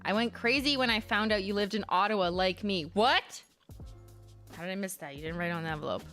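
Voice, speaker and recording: A woman's voice: medium pitch, quick pace, fairly bright tone, soft background music. A woman hosting a casual livestream, reading viewer letters aloud with wry asides and frequent laughter. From Canada. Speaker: host reading viewer mail.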